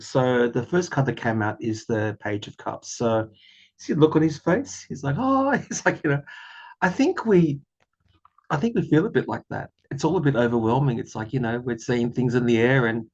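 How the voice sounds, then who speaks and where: A man of middling pitch chats through a casual tarot reading, rambling in an earnest way and laughing at himself now and then. His voice comes through a slightly muffled home recording. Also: fairly quick, darkish tone. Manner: rambling, earnest, chatty with self-deprecating laughs. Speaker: tarot reader.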